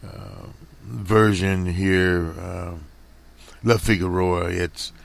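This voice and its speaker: A male radio host with a very low, gravelly voice and an unhurried delivery. He stumbles through news headlines with constant fillers and restarts, sounding a little strained. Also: steady tone. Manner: halting, many fillers and restarts. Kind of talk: casual commentary over headlines.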